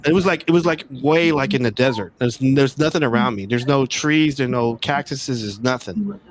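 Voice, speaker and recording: A man's voice: mid-range voice, normal speed. A man from Texas, a guest on a remote call, telling a story casually, with many restarts and repeated words.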